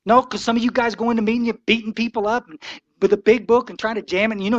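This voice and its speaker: A man's voice: sits high, steady tone, rapid-fire, dry recording, muffled recording. A man in his sixties giving an impassioned, folksy talk to a recovery meeting, preachy and blunt.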